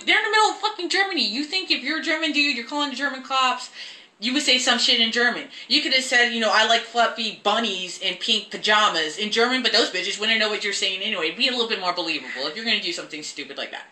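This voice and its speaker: Young woman vlogger, casual rambling rant, bright tone, echoey room. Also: high-pitched. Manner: profane, rambling, animated. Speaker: film reviewer. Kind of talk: casual ranting review.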